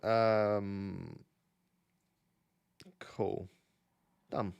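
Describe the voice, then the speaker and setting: A man's voice: fairly low pitch, little pitch movement, drawn-out words, vocal fry, smooth, dull audio. A young man hosting a casual late-night live stream from his bed at home, chatty and teasing as he talks to his chat. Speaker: fantasy football streamer, host.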